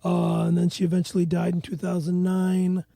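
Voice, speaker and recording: High gravelly-voiced man who stumbles. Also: completely flat delivery, dark tone, no room sound. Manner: halting, stumbling restarts. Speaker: podcast co-host. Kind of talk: comedy podcast banter.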